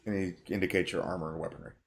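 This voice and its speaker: A man's voice: sits low, fairly even intonation, racing, creaky. A man narrating as game master in a tabletop game, with a loose, hedging style full of "kinda".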